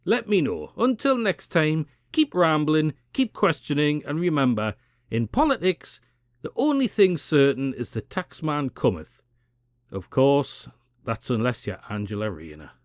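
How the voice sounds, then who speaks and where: A Geordie man delivers a combative political rant, full of swearing and scornful jabs. His voice is slightly high and very animated, climbing and plunging as he goes. The sound is dry and close. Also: normal speed, no echo. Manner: profane, sarcastic, combative. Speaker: political commentary channel host.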